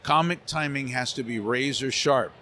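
A man talks with a voice actor's lively, animated delivery, now and then dropping into character voices mid-story. He sits in a convention center hall with a faint crowd hum behind him, at an ordinary middle pitch. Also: normal speed. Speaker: voice actor guest.

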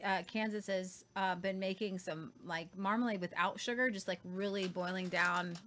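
A woman's voice: mid-range voice, steady tone, normal speed, a bit bright. A woman co-hosting a casual chat, rambling about chocolates with many fillers. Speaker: co-host.

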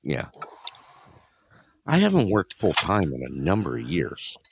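Animated joking male host. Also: low-pitched, measured pace, creaky, over a noisy crowd. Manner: joking, animated, greets guests by name. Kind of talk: casual chat on a live online show.

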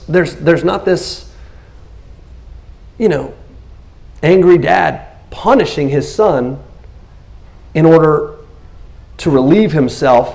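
Gravelly-voiced animated preaching man. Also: a little high. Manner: animated preaching, acts out biblical scenes in quotes. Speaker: pastor. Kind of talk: sermon.

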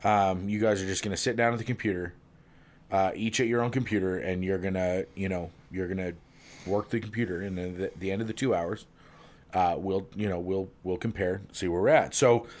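A man casually telling long jokes as a podcast co-host, playful, jumping up in pitch for the characters in them. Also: steady tone, a little fast, a little mellow.

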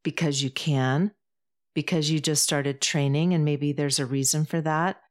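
A woman's voice: low voice, steady tone, a little slow. A woman voicing a fatherly older man who speaks earnestly and coaxingly.

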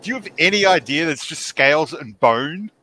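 A man's voice: a little high, animated, brisk, sharp tone, a little hiss or hum. A man co-hosting a casual podcast chat, rambling along with plenty of filler words. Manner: rambling, with frequent fillers and restarts. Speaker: podcast co-host.

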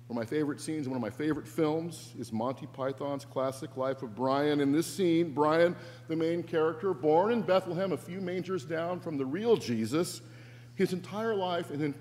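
A man's voice: on the high side, moderate pace, darkish tone. A man preaching a sermon as pastor, earnest and reflective, shifting his emphasis. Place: church sanctuary. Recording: echoey church with faint hum.

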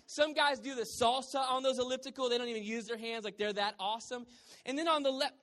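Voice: mid-range voice, fairly even intonation, quick pace, fairly bright tone. A pastor with a Southern US accent preaching a sermon, joking with the congregation and asking them questions. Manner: humorous, conversational, quizzing the congregation. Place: church hall with congregation.

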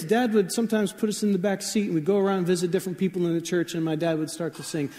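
A man in his forties giving a conversational sermon, telling stories in a relaxed way with fillers and asides. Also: high-pitched, quick pace, hardly any pauses. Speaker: pastor. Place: church sanctuary. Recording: long hall reverb.

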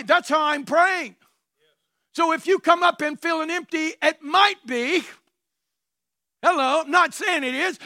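A man delivers an impassioned sermon in a very high, bright, ringing voice. He fires off rhetorical questions and breaks into shouts. His voice sounds close and dry, with almost no room sound. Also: no echo. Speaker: pastor. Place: church sanctuary before a congregation.

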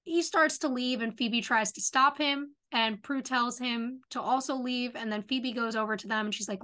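A woman with a bright, slightly high voice recaps a TV episode for a podcast. She talks casually and quotes the characters' lines as she goes. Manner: retells plot quickly, quoting characters' lines. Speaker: podcast co-host.

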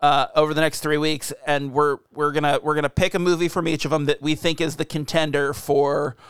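A man's voice: fairly high pitch, little pitch movement, a little fast, fairly bright tone, clear, resonant tone, dry recording, clean studio sound. A man co-hosting a casual podcast, teasing his co-host and steering the conversation. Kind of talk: casual chat.

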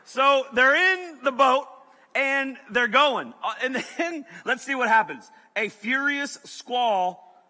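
A man preaching to students as a youth pastor, animated and joking, talking to the crowd. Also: extremely high pitch, slow pace. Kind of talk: sermon to students. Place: large hall with audience. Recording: reverberant hall.

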